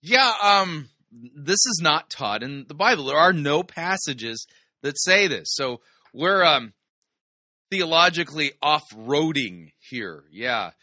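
Guy picking apart sermon clips, sarcastic, really bright voice, dry close mic. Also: on the high side, expressive, slow, no room sound. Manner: sarcastic, incredulous asides. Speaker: host reviewing sermon clips. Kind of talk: casual critical commentary.

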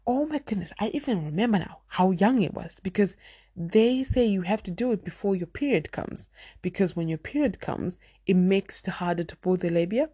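A woman's voice: mid-range voice, animated, moderate pace, dark tone, slightly rough, no echo, studio quality. A Zimbabwean woman talking candidly to camera about parenting, earnest and emphatic, repeating her key points. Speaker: parenting vlogger. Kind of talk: candid personal talk to camera.

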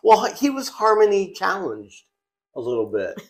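A man with a notably high speaking voice chats casually on a family podcast. He tells his stories with animated energy and keeps breaking into laughter as he goes. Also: moderate pace. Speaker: podcast co-host.

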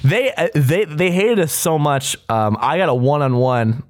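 A man's voice: a little high, unhurried. A young man in his twenties, co-hosting a podcast in casual chat, rambling and swearing with many fillers and restarts. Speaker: podcast co-host.

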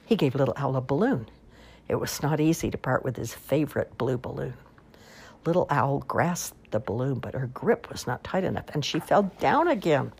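A woman reads children's storybooks aloud in a low, husky voice with some creak. Her telling rises and falls in lively, expressive swings. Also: normal speed. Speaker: storybook reader. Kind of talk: reading children's stories aloud.

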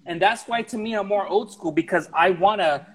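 A man speaking as a podcast guest in a casual talk, earnest and frank, with a slightly husky voice. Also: sits high, normal speed, a bit bright, rough recording. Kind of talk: casual conversation.

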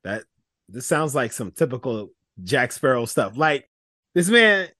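Co-host, bright and bouncy voice, lots of laughter, dry close mic. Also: mid-range voice, measured pace, no room sound. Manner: laughs often, animated reactions. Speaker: podcast co-host. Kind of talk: casual movie review chat.

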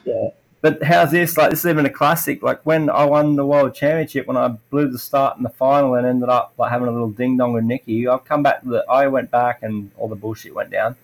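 A man's voice: medium pitch, a little fast, gravelly, rough recording. A middle-aged man in casual chat, telling racing stories with lots of fillers and acted-out quotes. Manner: animated storytelling, acts out quotes, many "like" fillers. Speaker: retired racer on a podcast.

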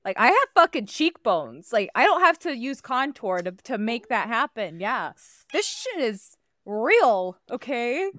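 A woman co-hosting a podcast, giggling, swearing and rambling in casual chat while high. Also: big pitch swings, a little slow, a bit bright, dry recording, studio quality. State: high on cannabis. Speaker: podcast co-host.

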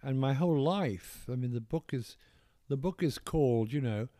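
Older English author, posh accent, warm low tone, halting and reflective, dry close mic. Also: male voice, expressive, dry recording. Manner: measured, hesitant, circles back with restarts. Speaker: author being interviewed. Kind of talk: reflective interview conversation.

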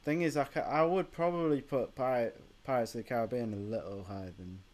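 A young man co-hosting a podcast in an easygoing, quiet manner. His voice sits at a middling pitch and sounds relaxed and informal. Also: brisk. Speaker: podcast co-host. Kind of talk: casual chat. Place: home, remote call.

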